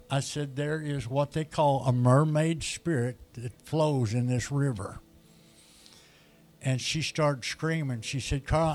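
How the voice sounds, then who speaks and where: A man preaches as a guest speaker, his voice pitched a little high. He tells his testimony as a story, acting out the dialogue. Soft music plays underneath. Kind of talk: testimony sermon.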